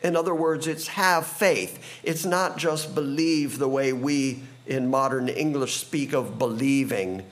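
A man preaching a verse-by-verse sermon as pastor, earnest and emphatic, stacking repeated phrases and slowing to stress key words. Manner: slows down and rises in pitch on key phrases. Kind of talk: expository sermon.

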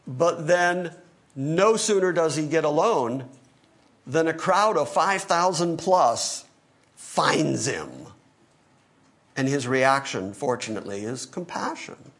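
A man's voice: fairly high pitch, animated, slow, fairly bright tone. A male pastor teaching through a Bible passage in an emphatic sermon, acting out the quoted lines. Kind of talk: expository sermon.

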